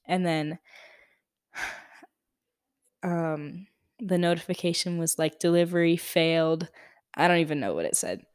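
A woman's voice: on the low side, takes it slowly, long pauses, clear, resonant tone, no echo, clean studio sound. A young woman hosting a podcast, telling a story in a chatty, exasperated way with lots of fillers. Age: young adult. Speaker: podcast host. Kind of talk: casual storytelling monologue.

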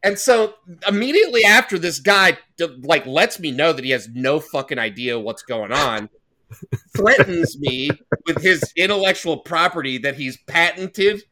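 A man's voice: fairly high pitch, expressive, normal speed, pushed and bright. A man on a podcast telling a story in a heated, profane, casual way. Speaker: podcast co-host.

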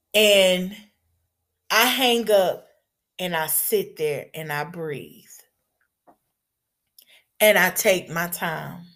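A woman telling a personal story candidly, dropping to hushed pauses and breaking into raised outbursts. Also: medium pitch.

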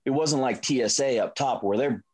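Matter-of-fact podcast guest. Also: male voice, mid-range voice, normal speed, darkish tone, breathy edge. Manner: plain, matter-of-fact explaining. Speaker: podcast guest, former airport baggage worker. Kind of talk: casual storytelling.

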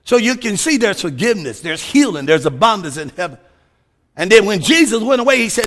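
A man preaching a fervent sermon, shouting his points and calling out hallelujahs. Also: extremely high pitch, big pitch swings, moderate pace.

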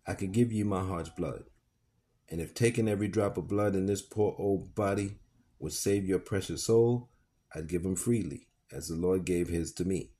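A man reading aloud and voicing an old enslaved man who speaks calmly, slowly and deliberately. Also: low-pitched, natural voice. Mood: pleading. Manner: slow, firm, deliberate. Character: old enslaved man, calm, firm, devout.

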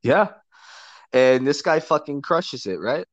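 A man's voice: a little high, slow, no echo, muffled recording. A man telling a crude story to a friend in casual chat, swearing constantly and laughing often. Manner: profane, animated, laughs often. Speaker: podcast co-host telling a story.

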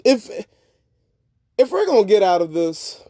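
Profane rambling man with lively pitch. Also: measured pace, no room sound, studio quality. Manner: profane, rambling, swings between low mutters and loud outbursts. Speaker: podcast host. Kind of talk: casual monologue.

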